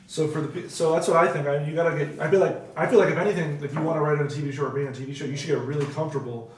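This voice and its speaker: A man's voice: on the high side, fairly even intonation, very fast. Young man, casual guest comedian, rambling and self-correcting, recorded from a distance in a very echoey room with faint background noise. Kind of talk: casual chat.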